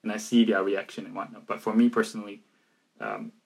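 A man with a husky, fairly low voice speaks earnestly about faith. He talks haltingly, circling back with restarts and fillers as he tells his story, in a relaxed conversational way. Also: soft background music, poor audio.

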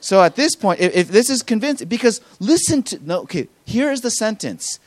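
A man delivers a sermon as pastor, his voice a touch high and swinging widely in pitch. He acts out everyday quotes with animated emphasis. The sound is dry and close, with little room in it. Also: a little fast, few pauses, no echo. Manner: animated preaching with acted-out quotes.

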